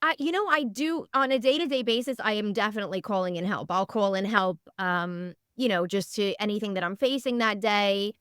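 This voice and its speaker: A woman guest on a podcast, chatting casually and telling stories in an animated, earnest way. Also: mid-range voice, fairly quick, few pauses, clear, resonant tone, no room sound, studio quality. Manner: animated storyteller, lively and earnest. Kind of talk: casual interview chat.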